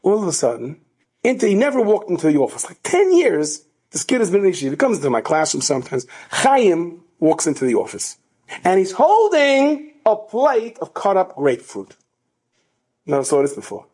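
An animated male rabbi telling an inspirational story with a fairly high voice. His delivery keeps climbing in intensity and pushes hard on key points, near shouting at times. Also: moderate pace, breathy edge.

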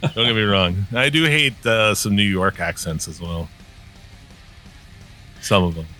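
Deep-voiced Midwestern guy, crude and rambling co-host, faint guitar underneath. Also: expressive, a little slow, bright, forceful tone. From upper Midwest US. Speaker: podcast co-host. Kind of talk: casual chat.

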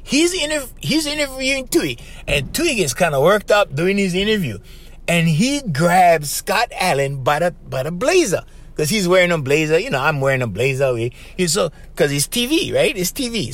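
A man with a Hawaiian Pidgin-tinged accent, hosting a podcast and telling a story in a casual monologue, animated and always saying "bro" and "right?". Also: high voice, moderate pace. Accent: Hawaiian Pidgin-tinged English. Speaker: podcast host.

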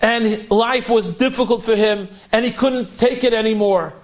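A man's voice: very high voice, fairly even intonation, normal speed. A man earnestly retelling an inspiring story he heard from a friend, sprinkling in Yiddish and Hebrew words.

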